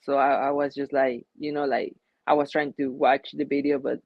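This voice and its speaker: A man's voice: mid-range voice, level tone, normal speed, creaky, no room sound, muffled recording. A young man, a fighter answering interview questions in a loose, rambling way with many fillers and restarts. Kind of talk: casual interview.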